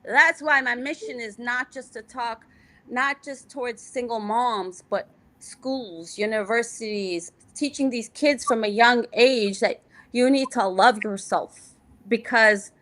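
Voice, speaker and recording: Bright, high-voiced motivational woman. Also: measured pace. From Afghanistan. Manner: passionate and motivational, repeats phrases for emphasis. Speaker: interview guest. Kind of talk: candid conversational interview.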